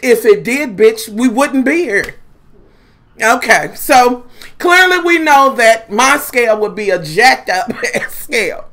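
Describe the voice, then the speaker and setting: A woman's voice: on the high side, slow pace. A woman vlogger, talking casually and dramatically to viewers, full of cursing. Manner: profane, dramatic, animated storytelling.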